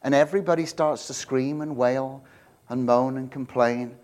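A man preaching a sermon in a conversational, joking way, building to loud, repeated emphatic lines. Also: medium pitch, steady tone, normal speed. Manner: jokey asides, laughs with congregation. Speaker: pastor.

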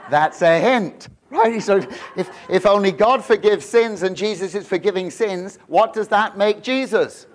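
A pastor with a high voice preaches a humorous sermon at a measured pace with few pauses. He tells stories laced with jokes and rhetorical questions, restarting his sentences often.

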